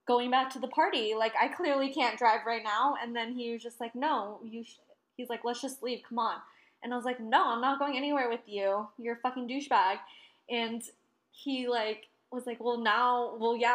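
A young woman in her twenties telling a story in casual chat, swearing freely and acting out what people said. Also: a little high. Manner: animated, swearing, acts out quotes.

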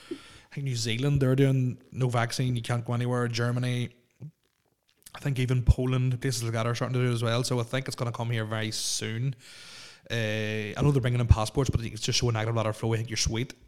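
A man's voice: mid-range voice, a little mellow. A young man chats casually on a solo podcast, recorded alone in a house. He rambles, stammers and restarts his sentences, leaning on fillers as he goes. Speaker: podcast host.

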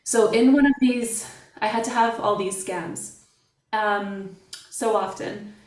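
A middle-aged woman from Canada, a podcast guest, telling stories in a playful, animated way. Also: medium pitch, takes it slowly. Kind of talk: casual podcast conversation. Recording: echoey and distant from the mic.

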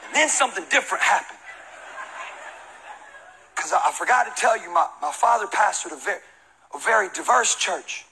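A pastor from the American South who preaches his sermon as lively, high-energy comic storytelling. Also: moderate pace, gravelly, pauses often, slightly rough, rough recording.

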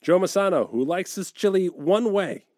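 A man's voice: sits high, expressive, normal speed, a little mellow, no echo, clean studio sound. A man co-hosting a comedy podcast, rambling and hesitant with lots of fillers as he jokes with friends. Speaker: podcast co-host. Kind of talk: joking podcast banter.

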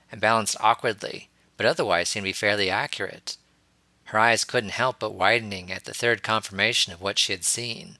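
A man narrating a fan fiction story as an audiobook reader, in a steady storytelling manner. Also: lowish voice, no room sound.

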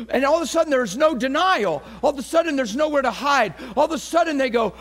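A high-pitched man preaching with fervor, rising to loud cries and then dropping to quiet, earnest pleading. He acts out the gasps and voices of the crowd in his story, so the delivery keeps changing in height and force. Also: animated, brisk, few pauses. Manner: swings from shouting fervor to hushed earnest appeals. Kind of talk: impassioned sermon.

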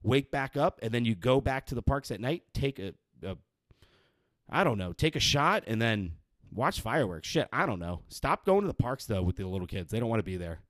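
A young man with a fairly low voice rants in a sweary, rambling way, sounding exasperated as he goes. The recording is dry and close, with no room sound around him. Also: expressive, a little fast, a bit bright, dry recording. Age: young adult. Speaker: vlogger ranting. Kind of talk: profane casual rant.

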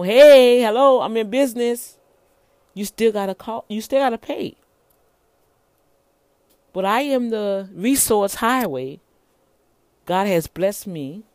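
A woman's voice: mid-range voice, a little mellow, dry recording. A middle-aged woman, an entrepreneur, giving a casual motivational rant in a preachy way, calling her listeners y'all and often repeating words.

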